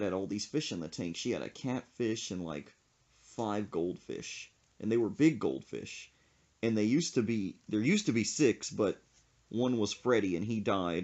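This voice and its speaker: A man's voice: lowish voice, dull audio. A man hosting a casual chat podcast, telling a story with frequent laughs and acted-out quotes. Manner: animated, laughs often, acts out quotes. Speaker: podcast host.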